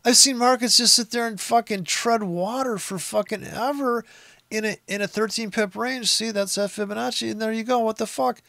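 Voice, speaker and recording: A man giving a casual, rambling and profane talk on trading, rising to loud, high-pitched rants. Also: moderate pace, vocal fry, no echo, studio quality. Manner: profane, animated, gets loud and high when ranting. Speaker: trading educator.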